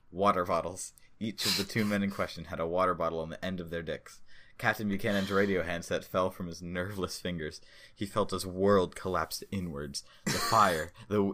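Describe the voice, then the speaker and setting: Man, very deep voice, deadpan story reader, podcast co-host banter. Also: a little fast. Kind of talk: reading fan fiction aloud with banter.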